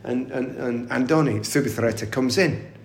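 A middle-aged man with a gravelly, creaky edge recalls stories as an interview guest. He talks in a chatty, anecdotal way, breaks into laughter often and restarts his sentences mid-thought. The voice sits in an echoey room. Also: medium pitch, moderate pace, a little hiss or hum. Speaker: guest, former footballer. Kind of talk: casual interview storytelling.

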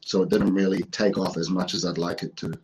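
Husky, low-voiced New man. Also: little pitch movement, a little fast, a little mellow, low-quality recording. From New Zealand. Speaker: guest, professional wrestler. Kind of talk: casual interview talk.

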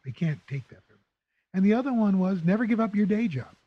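An older man from New City, a guest telling lively anecdotes in an interview. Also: high-pitched, fairly quick, no room sound, muffled recording. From New York City. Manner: animated anecdotes with playful character voices. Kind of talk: storytelling interview.

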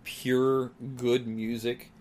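A man's voice: mid-range voice, little pitch movement, very slow, darkish tone. A man co-hosting a podcast, rambling casually with restarts and easy laughs. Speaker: podcast co-host. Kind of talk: casual chat.

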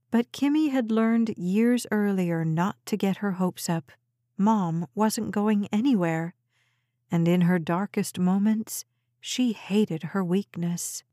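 Slow, mellow woman audiobook narrator. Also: medium pitch, no echo, clean studio sound. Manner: measured, even storytelling. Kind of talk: scripted narration.

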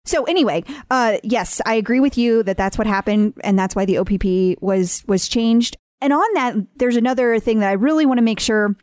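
A woman's voice: on the high side, brisk, hardly any pauses, a little mellow, no room sound, studio quality. A woman hosting a podcast, talking earnestly and emphatically in a casual chat and often repeating herself. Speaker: podcast host.

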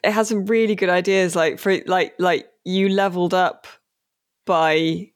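A podcast co-host chatting casually about a game, rambling with many fillers and slowing down on key words. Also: mid-range voice, steady tone, no room sound, studio quality.

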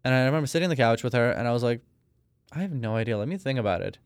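A man's voice: medium pitch, lively intonation, rapid-fire, clear, resonant tone, no echo, studio quality. A man in his thirties from Russia, a podcast guest telling a personal story in a rambling, casual way with many fillers. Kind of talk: casual interview talk.

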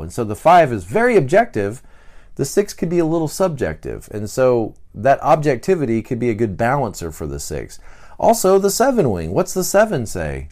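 A man hosting a podcast, explaining personality types in a casual teaching monologue and acting out the people he describes in short bursts. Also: medium pitch. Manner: animated, acts out quick voices of people he describes. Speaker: podcast host.

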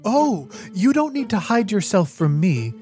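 A man's voice: high-pitched, very animated, measured pace, dark tone, faint music behind, voice pushed up. A man voicing a devout, earnest woman priest who speaks with reverent fervor. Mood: fervent. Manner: reverent, fervent.

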